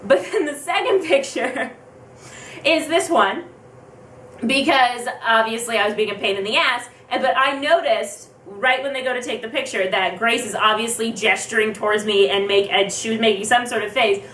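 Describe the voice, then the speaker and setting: A young woman vlogger telling a story fast and excitedly, acting out her own thoughts as she goes. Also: fairly high pitch, a little hiss or hum. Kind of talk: casual storytelling. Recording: roomy, distant from the mic.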